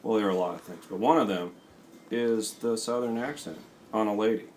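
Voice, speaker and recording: Low-voiced American male co-host, relaxed, joking sidekick energy, faint noise. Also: a little fast. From United States. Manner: laid-back, short backchannel replies and jokey asides. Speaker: gaming stream co-host. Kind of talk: casual chat.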